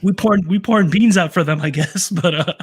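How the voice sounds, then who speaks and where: A man with a Southern US accent co-hosting a casual chat, animated and profane, laughing often. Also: high voice, brisk, husky. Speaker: podcast co-host.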